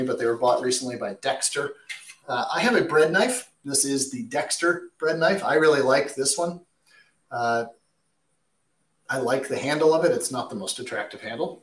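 A man who works as a chef, answering viewer questions with chatty, emphatic cooking advice in a kitchen. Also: medium pitch. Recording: echoey room.

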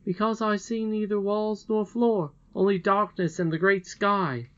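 A man's voice: high-pitched, fairly even intonation, a little slow, clear, resonant tone, voice pushed up. A man voicing a polite, earnest young miner boy in a storybook reading. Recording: dull lo-fi recording.

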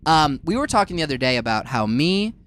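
A man's voice: on the high side, very animated, brisk, fairly bright tone. A man who plays drums in a band, chatting on a podcast in a rambling way, with many ums and restarts. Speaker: drummer and podcast co-host. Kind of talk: casual chat.

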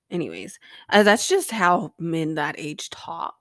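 A woman's voice: fairly low pitch, normal speed, no room sound. A young woman hosting a podcast, recapping an episode in a rambling, sarcastic way with plenty of swearing and filler words. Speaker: podcast host.

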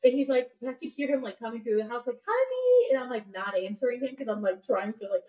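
A woman guest in a podcast interview, telling a personal story in a lively way, full of fillers and acted-out thoughts. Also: fairly high pitch, fast talker, far from the mic, low-quality recording. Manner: animated, lots of "like" fillers, acts out her own thoughts.

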